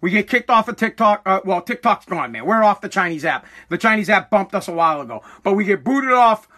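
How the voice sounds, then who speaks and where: Angry 40 yr old dude yelling and cussing on his podcast in the basement, high bright voice. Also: animated, fairly quick. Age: 40s. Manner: aggravated, swearing, bursts into yelling. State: throat irritated by dust, coughing. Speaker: podcast host. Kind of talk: angry profane rant. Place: home basement studio.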